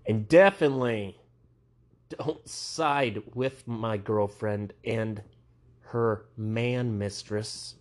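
Young male comic, slow deliberate delivery, low voice, meandering self-deprecating asides. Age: young adult. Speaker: stand-up comedian. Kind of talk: rambling stand-up monologue.

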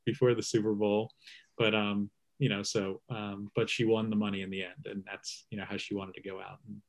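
A man's voice: on the low side, level tone, brisk. A man hosting a casual conversation, rambling with frequent fillers and restarts.

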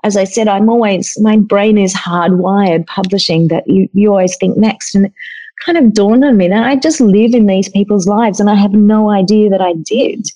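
A woman chatting as a podcast guest over a video call. Her voice is mellow and warm, and she tells stories in an expressive, chatty way. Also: mid-range voice, moderate pace, rough recording. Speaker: guest cook and author.

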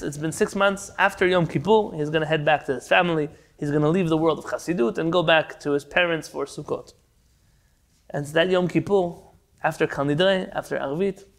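A man teaching a class over a video call, with a fairly high pitch for a man. He tells stories in an animated, conversational way. He sometimes restarts a phrase as he goes. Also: creaky. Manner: animated storyteller, some restarts. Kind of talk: online class, storytelling lecture.

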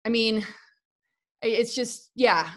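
Earnest, rambling woman with a high voice. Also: slow pace, fairly bright tone. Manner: earnest, rambling, with many restarts and repeated words. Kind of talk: casual spiritual talk.

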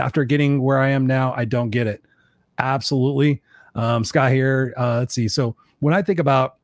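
A man's voice: medium pitch, creaky, darkish tone, no echo, clean studio sound. A man hosting a live show, reading viewer comments and asking his co-host questions in a casual, conversational way.

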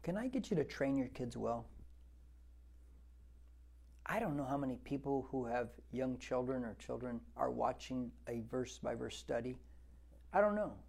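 Man, 60s, pastor, Bible teaching sermon, conversational, repetitive emphasis, fervent exhortation, dark mellow tone. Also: mid-range voice, lively intonation, moderate pace, gravelly, pauses often.

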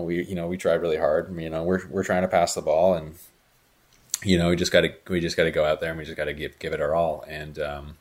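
Very deep-voiced joking young man. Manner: rambling, filler-heavy, joking. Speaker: podcast co-host. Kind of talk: casual chat.

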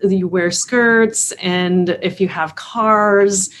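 A woman's voice: medium pitch, steady tone, extremely slow, a bit bright, slight background noise. A woman hosts the conversation with a mid-range voice. She asks careful, probing questions and reflects on the answers. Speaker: interview host. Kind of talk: conversational interview.

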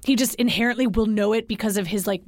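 A woman's voice: mid-range voice, quick pace, darkish tone, no room sound, clean studio sound. A woman co-hosting a podcast, talking about a book in a chatty, critical way with lots of fillers. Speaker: podcast co-host. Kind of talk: casual book discussion.

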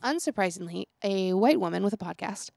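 Chatty woman with a gravelly voice. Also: mid-range voice, expressive, a little fast, a little mellow, no room sound, clean studio sound. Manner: chatty storyteller, acts out quotes, laughs often. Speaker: podcast co-host and teacher. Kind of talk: casual podcast chat.

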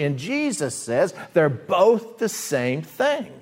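Plain-talking male preacher, lively delivery. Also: a little high, slow, few pauses, slightly rough. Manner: conversational, acts out quoted voices, swings between loud and hushed. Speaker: pastor. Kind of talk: sermon.

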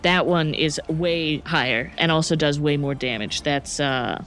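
A woman narrating a tabletop game as game master, unhurried and often laughing. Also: deep voice, a bit bright. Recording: faint music underneath.

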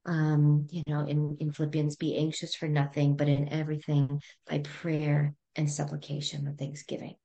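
A middle-aged woman speaking as a therapist guest on a podcast, calm and gently instructive as she walks through breathing exercises. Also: sits low, normal speed, creaky, hardly any pauses. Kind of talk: conversational podcast interview.

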